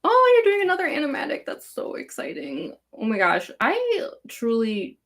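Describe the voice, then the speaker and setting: A woman's voice: high voice, wildly swooping pitch, moderate pace. A young woman from Chicago with a California-sounding accent, chatting casually on a live Q&A with a rambling, giggly valley-girl manner full of likes and ums. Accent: California-sounding American. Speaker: fanfic author hosting a live Q&A. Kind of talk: casual livestream chat.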